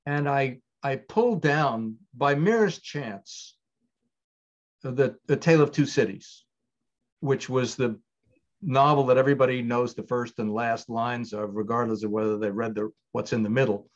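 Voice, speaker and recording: A man's voice: mid-range voice, unhurried, dull audio. An older man, a writer-director, answering interview questions in a thoughtful, digressive way with frequent restarts.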